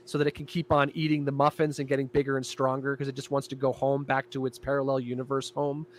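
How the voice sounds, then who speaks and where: A man in casual chat, telling a lively story about directing his show and acting out quoted lines. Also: mid-range voice, fast. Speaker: guest, creator and director of an audio show.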